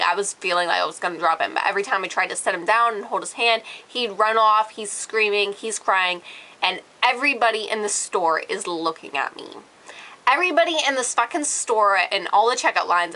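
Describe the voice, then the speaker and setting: A woman's voice: mid-range voice, bright, forceful tone, poor audio. A woman of about nineteen ranting casually to her viewers, irritated and sarcastic, with lots of "like" fillers. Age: late teens. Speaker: vlogger. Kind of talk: casual rant to camera.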